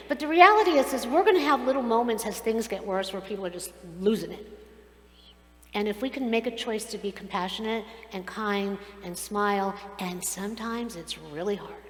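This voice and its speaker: A woman rabbi giving a sermon, telling stories in an animated, earnest way. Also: fairly high pitch. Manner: animated storytelling, earnest and preachy. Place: synagogue sanctuary. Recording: echoey hall, long reverb.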